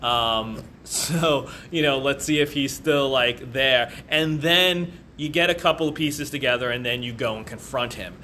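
A man co-hosting a podcast in casual chat, playful and animated, acting out characters with silly voices. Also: medium pitch, unhurried, hardly any pauses, a little hiss or hum. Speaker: podcast co-host.

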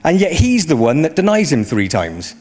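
A man preaching a sermon in a conversational way, often rising into animated emphasis. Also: on the high side, moderate pace.

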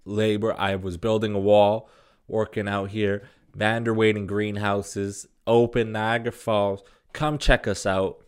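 A man's voice: lowish voice, flat delivery, measured pace, smooth. A man hosting a solo podcast alone in a room, rambling in a casual, profane, self-deprecating way.

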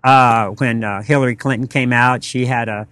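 A middle-aged man, a restaurant owner, telling stories in a casual interview in a rambling, halting way full of fillers. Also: mid-range voice, fairly even intonation, fairly bright tone, clean tone, no echo.

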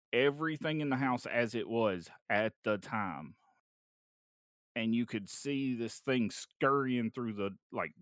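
A young man casually telling a story of a frightening night, animated and swearing, sometimes trailing off into low mumbles. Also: dry recording, studio quality.

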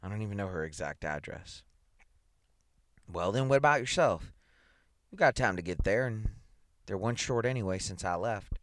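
A man reading aloud and voicing a calm, matter-of-fact male psychologist who questions and coaxes. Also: lowish voice, moderate pace, pauses often, dry recording, studio quality. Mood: coaxing. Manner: steady, coaxing, matter-of-fact.

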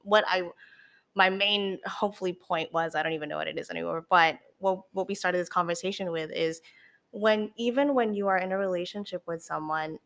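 A young woman speaks candidly as a podcast guest, her talk full of fillers and the odd swear. She is animated and open. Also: fairly low pitch, a little fast. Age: young adult. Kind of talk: candid casual chat.

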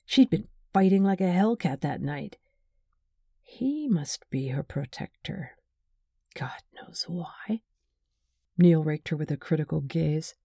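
Audiobook narrator, woman, slow measured read, husky gravelly tone. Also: sits low, dark tone, dry recording, studio quality. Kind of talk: scripted narration.

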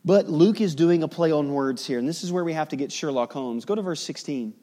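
This man is preaching as a pastor, his voice on the high side and his pace brisk. He speaks conversationally, tosses in jokes, and swings from loud, emphatic moments to quiet, solemn ones.

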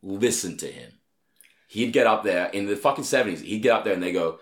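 Low-voiced man swearing through casual chat. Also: fairly quick, roomy sound. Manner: heavy swearing, animated storytelling.

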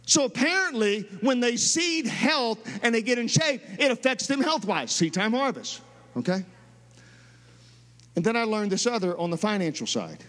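A middle-aged man, a pastor, preaching a sermon in a church, telling stories in an emphatic, animated way. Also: very high-pitched, normal speed, long reverb tail. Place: church sanctuary.

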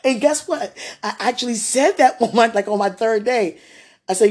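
A woman who used to be a childcare teacher, chatting casually in an interview and telling lively stories with frequent laughter. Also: a little high, normal speed, husky. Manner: chatty, laughs often, animated retelling.

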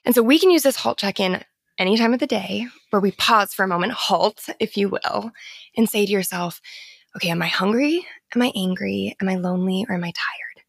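A young adult woman, a therapist guest on a podcast, explaining things in casual conversation and often dropping her voice to a soft near-whisper. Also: medium pitch, a little fast, gravelly, husky, no echo, clean studio sound.

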